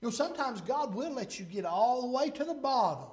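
High-voiced preacher man. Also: very animated, fairly quick. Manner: folksy storytelling, rising to fervent shouting. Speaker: pastor. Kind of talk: sermon.

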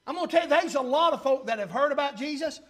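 A man preaching a sermon fervently, surging louder between drawn-out 'uh' pauses and then dropping low. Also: lively intonation. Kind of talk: revival-style sermon.

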